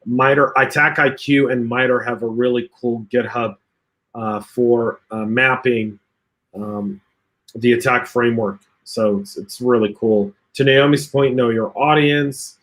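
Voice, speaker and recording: A man's voice: mid-range voice, unhurried, fairly bright tone. A man hosting a casual livestream over a video call, reading out viewer comments and joking along with the panel. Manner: chatty, reads viewer comments aloud, jokey. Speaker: podcast host reading live chat.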